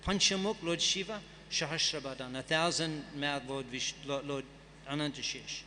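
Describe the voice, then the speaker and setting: Speaking at normal speed in a large temple hall, a man who is a festival guest speaker reads and chants verses and then explains them as if chatting. His voice is a little high, bright and forceful, and there's a slight hiss or hum.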